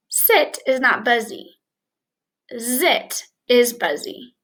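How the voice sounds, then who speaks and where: Woman, young adult phonics teacher; unhurried, clear and encouraging, mixes in some Spanish; high, bright tone. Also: animated. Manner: slow, clear, encouraging classroom delivery with bits of Spanish. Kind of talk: early reading lesson for young children.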